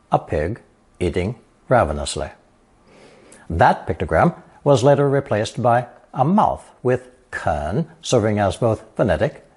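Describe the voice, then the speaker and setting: Husky man teaching a language lesson. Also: lowish voice, darkish tone. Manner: explains words slowly and clearly, reading example sentences in two languages.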